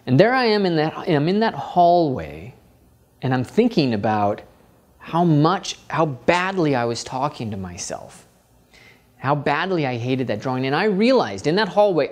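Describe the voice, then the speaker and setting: Animated man telling a personal story. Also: a little high. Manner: animated, acts out his inner voice. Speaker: art teacher.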